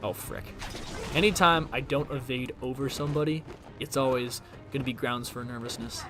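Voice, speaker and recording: A man's voice: mid-range voice, normal speed, over loud music. A young man streaming a video game, rambling casually and trying out voice impressions between moves. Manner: chatty, jumps between topics, tries voice impressions.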